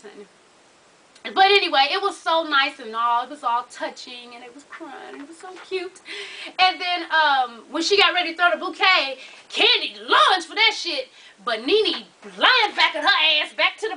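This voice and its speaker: Sassy high-voiced woman gossiping. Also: slight background noise. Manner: sassy, loud laughs, quotes people in put-on voices. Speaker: reality show recap vlogger. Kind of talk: casual profane gossip recap.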